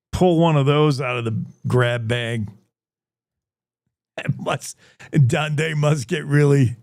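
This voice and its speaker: A man's voice: fairly high pitch, clear, resonant tone, no room sound, studio quality. A man hosting a news show, joking and rambling with comic asides. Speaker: show host. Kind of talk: casual news commentary.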